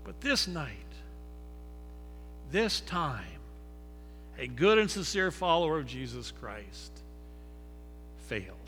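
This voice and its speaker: A man preaching a sermon that retells a scripture story dramatically, moving between loud emphasis and hushed low passages. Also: big pitch swings, slow, long pauses. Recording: long reverb with faint music behind.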